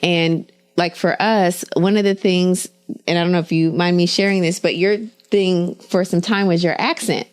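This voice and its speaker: A woman co-hosting a casual business chat, telling stories in an animated way. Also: on the low side, moderate pace, smooth. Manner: animated storyteller. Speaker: co-host.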